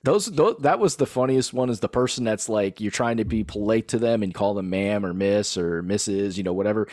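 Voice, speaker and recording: A man's voice: on the low side, a little fast, no room sound, clean studio sound. A man chatting casually on a podcast, telling stories with lots of swearing and laughter. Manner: animated storytelling, laughs often, swears. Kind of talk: casual chat.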